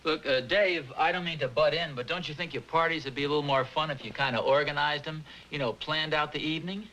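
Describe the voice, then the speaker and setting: A man's voice: a little high, fairly even intonation, fast, sharp tone, poor audio. An actor playing a genial, well-meaning middle-aged father who likes to meddle, talking with hesitant chuckles. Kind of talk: 1950s sitcom acting.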